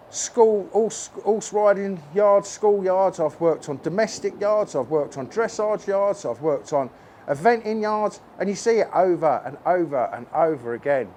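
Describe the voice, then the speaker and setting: Man, fairly high voice, horse trainer, earnest, repeats himself for emphasis, phone on a tripod. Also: a little mellow, slight background noise. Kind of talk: casual talk to camera while working a horse. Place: stable yard with a horse.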